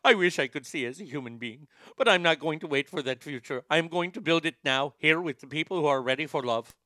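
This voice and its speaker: A man's voice: a little high, sharp tone, dry recording. A man putting on an Indian accent that slips toward Irish, voicing an earnest person reading a plea for acceptance. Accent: put-on Indian accent slipping toward Irish. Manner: earnest, solemn, measured.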